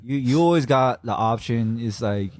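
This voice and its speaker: A young man with a mid-pitched voice talks in a relaxed, easygoing way as a podcast guest, agreeing often and filling pauses with "like." His voice sits close to the mic in a dry room. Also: no echo. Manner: laid-back, agreeable, many "like"s. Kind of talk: casual chat.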